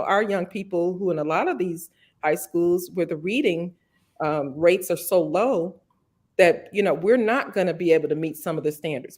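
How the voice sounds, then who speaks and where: A woman's voice: fairly low pitch, darkish tone. A middle-aged woman, a marketing executive guest, speaking passionately and emphatically in an interview conversation.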